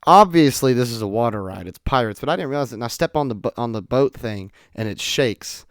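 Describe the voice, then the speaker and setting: A young man talks through his stories in a casual podcast monologue. He is animated and jumps from loud outbursts to quiet asides. His voice is smooth and the recording is dry. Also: medium pitch, brisk, no room sound. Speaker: podcast host.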